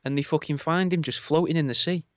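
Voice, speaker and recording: A man co-hosting a podcast, telling stories in a rambling, deadpan, casual way. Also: fairly high pitch, fast, no echo, highs cut off. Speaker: podcast co-host. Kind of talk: casual comedic chat.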